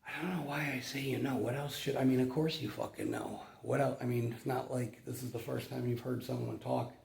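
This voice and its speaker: Gravelly dude ranting about his exterminator job, swears a ton, says "you know" nonstop, sweaty and overheated. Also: mid-range voice, fairly even intonation, fairly quick, darkish tone. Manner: rambling, profane, says "you know" constantly. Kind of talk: casual vlog rambling.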